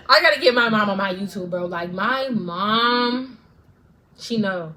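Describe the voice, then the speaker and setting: A woman's voice: mid-range voice, expressive, unhurried, sharp tone. A woman vlogger ranting straight to camera, fervent and profane, repeating lines for emphasis. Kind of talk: direct-to-camera rant.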